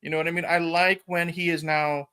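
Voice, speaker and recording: His voice is a little high, smooth, pushed and bright, with a level tone and a fairly quick pace. The man hosts a podcast, rambling and chuckling through a casual retelling of a film, frequently dropping "you know".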